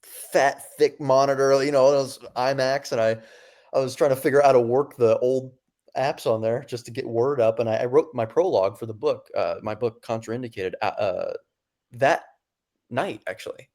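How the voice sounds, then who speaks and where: Young man, twenties, podcast guest, casual storytelling, acts out quotes, mid-pitched voice. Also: moderate pace. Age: 20s. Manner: animated, acts out quoted dialogue; casual, many fillers and restarts. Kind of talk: storytelling in an interview.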